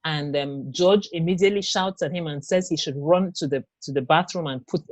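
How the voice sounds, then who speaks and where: Low-voiced woman recounting, halting and hesitant. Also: no echo. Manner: halting, hesitant, many fillers and restarts. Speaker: interview guest. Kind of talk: personal testimony in an interview.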